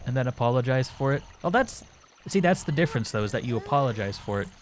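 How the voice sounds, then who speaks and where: A man's voice: mid-range voice, expressive, racing, slight background noise. Chatty, joking male game streamer. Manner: rambling, joking, swears casually, chats with viewers. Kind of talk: casual live-stream commentary.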